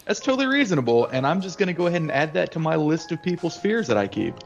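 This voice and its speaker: Wry, higher-voiced male podcast host. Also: sing-song, quick pace, creaky, muffled recording. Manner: wry, joking. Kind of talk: casual podcast chat.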